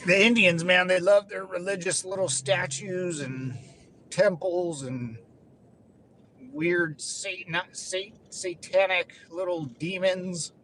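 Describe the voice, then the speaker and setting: A man's voice: high-pitched, fairly even intonation, takes it slowly, pushed and bright, slight background noise. A young man and former Marine rambling casually while driving, swearing and laughing now and then. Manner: loose, swearing, laughing asides. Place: in a car.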